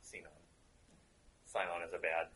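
A man's voice: deep voice, level tone, extremely slow, bright, forceful tone, a little hiss or hum, low-quality recording. A man running a tabletop role-playing game as game master, chatty and often stopping to search for words.

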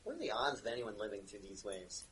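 A man taking part in a tabletop role-playing game, describing his moves casually. He hesitates often and fills pauses with ums. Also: lowish voice, big pitch swings, fairly bright tone. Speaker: player.

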